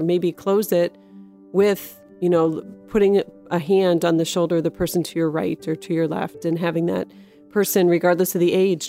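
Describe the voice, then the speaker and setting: A woman co-hosting a faith podcast, making gentle suggestions to listeners with playful asides. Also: fairly low pitch, creaky. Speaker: podcast co-host. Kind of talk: casual faith discussion.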